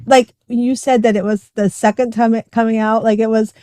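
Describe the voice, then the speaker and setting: A woman's voice: on the high side, little pitch movement, moderate pace, mellow, no room sound. A middle-aged woman chatting as a podcast guest, telling a personal story casually and often saying "like" and "right?". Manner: chatty, heavy use of "like" and "right?".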